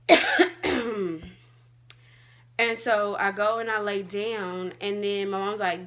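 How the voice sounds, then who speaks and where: A woman's voice: medium pitch, little pitch movement, unhurried, long pauses, a bit bright. A young adult woman vlogging, telling a personal story in a casual, chatty way with lots of "like". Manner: chatty, fillers like "like" and "all like".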